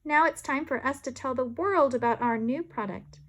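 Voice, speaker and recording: A woman voicing an upbeat older grandmother who teaches and invents, talking in an encouraging, excited way. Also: sits high, moderate pace, pitched above the performer's own voice. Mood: cheerful.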